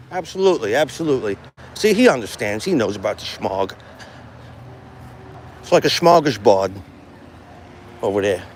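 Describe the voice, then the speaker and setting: A man's voice: on the low side, very animated, normal speed, pauses often. Brash New York-accented man, rambling profane live-stream host, outdoors with faint traffic. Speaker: vlogger doing a live stream. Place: outdoors by a pond near traffic.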